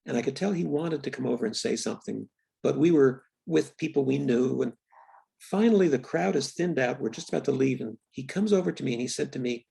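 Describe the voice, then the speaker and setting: The older man speaking is a film writer and director giving an interview, his medium-pitched voice expressive, creaky, and breathy. He reflects candidly on stories, restarts often, and lets his words fade into quiet pauses.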